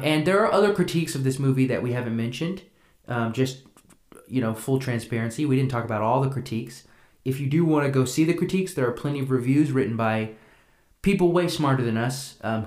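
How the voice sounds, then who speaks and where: A man's voice: medium pitch, a little mellow, echoey room. A young man co-hosting a podcast, chatting casually with lots of fillers and a self-deprecating ramble. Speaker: podcast co-host.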